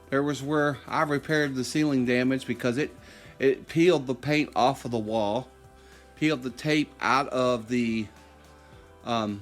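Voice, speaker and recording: A man walking through his home while filming, talking in a rambling, conversational way and repeating himself. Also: medium pitch. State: short of breath at times. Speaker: homeowner vlogger. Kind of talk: casual walkthrough video. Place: inside his house and outside in the yard.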